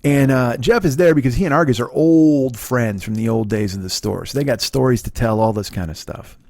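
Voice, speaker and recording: A man's voice: medium pitch, brisk, darkish tone, no echo. A middle-aged man hosting a podcast, telling a rambling, profane, self-deprecating story with many restarts. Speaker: podcast host. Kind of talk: casual storytelling monologue.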